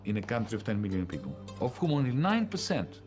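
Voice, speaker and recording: A middle-aged man from Greece, narrating his own story for a documentary in a measured way, pausing with the odd filler. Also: fairly low pitch, wildly swooping pitch, darkish tone. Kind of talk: first-person documentary narration. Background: music.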